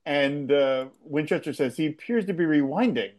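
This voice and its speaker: A podcast co-host chatting casually about a TV episode, laughing often and acting out quoted lines. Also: male voice, a little high, moderate pace, a little mellow. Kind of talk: casual chat recapping a TV episode.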